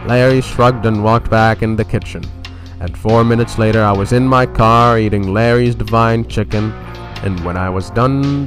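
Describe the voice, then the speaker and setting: A man telling a short spoken story in a wry, deadpan, self-mocking way. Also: lowish voice. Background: soft guitar music.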